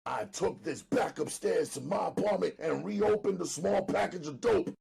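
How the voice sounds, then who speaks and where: A man narrating an audiobook dramatically, loud and emphatic, often near shouting. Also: high voice, expressive, moderate pace, vocal fry, breathy edge.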